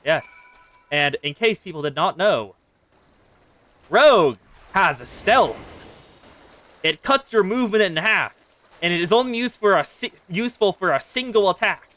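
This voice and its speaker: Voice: mid-range voice, expressive, normal speed, pauses often, a bit bright. A game streamer chatting casually and talking to themself while playing. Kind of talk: casual live gameplay chatter.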